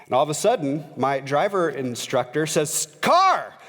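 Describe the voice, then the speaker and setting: A man's voice: on the high side, moderate pace. Man preaching in a reverberant church. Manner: conversational, frequent "uh" fillers, grows animated when retelling a story. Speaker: pastor. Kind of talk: sermon with personal storytelling. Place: church sanctuary. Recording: long reverb of a large church hall.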